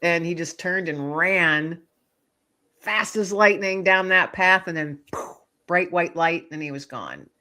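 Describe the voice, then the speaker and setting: A woman author, a guest in a relaxed interview, shares a personal story in an unhurried way. Her voice is a little low. She tells it with animated expression and brings the quoted voices to life.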